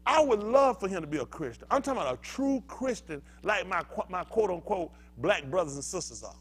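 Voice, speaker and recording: Older male preacher with a slightly high, animated voice, heated and emphatic, pushes the congregation with questions. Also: a little fast. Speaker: pastor. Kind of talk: fiery preaching sermon.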